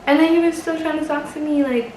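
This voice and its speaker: A woman's voice: high-pitched, fairly even intonation, fast, a little mellow, reverberant, a little hiss or hum, poor audio. A young woman vlogger telling a casual story, chatty and exasperated, swearing and laughing often.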